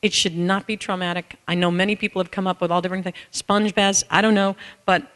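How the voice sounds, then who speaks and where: A woman who is an author and caregiver gives a conference talk to an audience in a large, reverberant hall, telling personal stories. She speaks fast in a medium pitch, animated and candid, breaking into song snippets.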